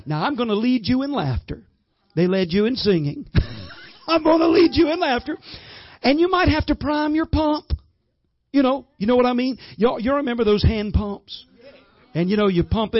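A middle-aged man preaching a lively sermon, laughing often as he leads holy laughter. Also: high-pitched, no room sound, muffled recording. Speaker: guest minister. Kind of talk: Pentecostal-style sermon leading holy laughter.

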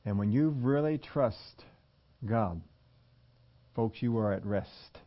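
A man's voice: lowish voice, takes it slowly, dull audio. A man preaching a sermon in a conversational way, slipping into the voices of the people he quotes. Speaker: pastor.

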